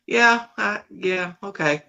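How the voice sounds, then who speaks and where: A woman's voice: mid-range voice, gravelly. A woman joins a live stream as a shy, hesitant guest who laughs nervously. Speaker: guest on a livestream.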